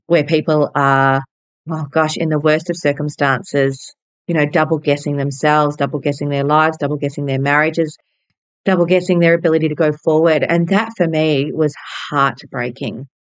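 An Australian woman in her forties talks through her own stories, bubbly and frank, dropping the odd swear word. Her voice sits fairly low, and the recording is close and dry. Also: fairly even intonation, normal speed, dry recording. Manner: bubbly and candid, swears casually. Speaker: podcast host and hairdresser. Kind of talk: personal storytelling monologue.

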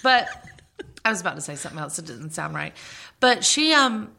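A woman chatting about celebrities on a podcast, giggly and animated, her pitch leaping all over as she acts out little quoted voices. Her tone is bright and sharp. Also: normal speed, creaky. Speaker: podcast co-host. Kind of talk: casual celebrity gossip chat.

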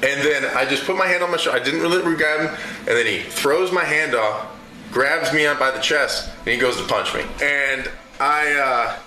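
A man recalls a locker room clash and acts out every quoted line. His voice is bright and forceful. The sound is roomy, with faint background noise. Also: a little high, normal speed. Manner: animated storyteller who acts out quotes. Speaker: former player telling a story. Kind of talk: recorded podcast storytelling.

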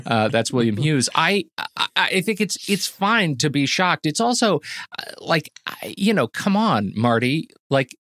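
A man co-hosting a casual movie podcast, talking in quick, dry, joking asides. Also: on the high side, very animated, fairly bright tone, no room sound. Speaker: podcast co-host.

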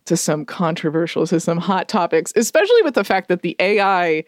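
Lively, laughing woman podcast co-host. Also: fairly low pitch, fairly quick, dry recording, clean studio sound. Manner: laughing, joking, chatty. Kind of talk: casual chat.

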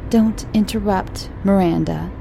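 A woman's voice: mid-range voice, animated, moderate pace, creaky, warm tone, slight background noise, voice pushed up. A woman voicing a fussy, cross young mother with a prim, scolding manner.

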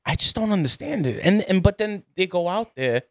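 An American man co-hosting a podcast, talking in an animated way, swearing freely and laughing often. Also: high voice, brisk, no room sound, studio quality. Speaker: podcast co-host. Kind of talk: casual podcast chat.

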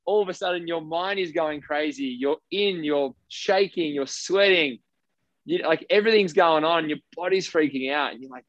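An Australian professional basketball player tells his story in a casual interview, emphatic and blunt and swearing freely. His voice is fairly high and a bit bright at a normal speed. The recording has no echo, with a dry, slightly dull lo-fi sound.

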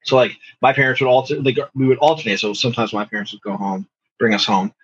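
A man's voice: medium pitch, fast, breathy edge, muffled recording. A young man co-hosting a podcast, telling stories casually, swearing and laughing. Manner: laid-back storyteller, swears, laughs. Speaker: podcast co-host. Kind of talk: casual chat.

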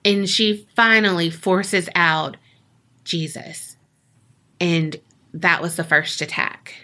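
A woman co-hosting a podcast, telling a ghost story in a relaxed, chatty way full of "like". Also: on the low side, measured pace. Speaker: podcast co-host.

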